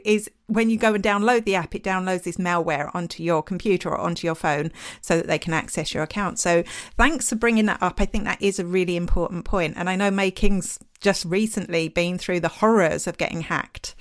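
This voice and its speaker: A woman's voice: mid-range voice, moderate pace. A woman co-hosting a podcast in casual chat, chatty and self-mocking. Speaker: podcast co-host.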